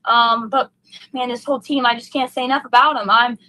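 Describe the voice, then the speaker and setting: A young woman pours out her feelings in a post-race interview, her voice high and sharp-edged. She rambles breathlessly with fillers, heartfelt and gushing. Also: steady tone, a little fast, no echo, low-quality recording. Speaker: race car driver, interview guest.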